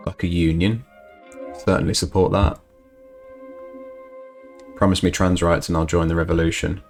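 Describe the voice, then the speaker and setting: A man's voice: deep voice, flat delivery, normal speed. A man hosting a live stream, chatting with viewers and reading news while putting on an exaggerated mock Russian accent. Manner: chatty, talks to viewers in chat. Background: faint background music.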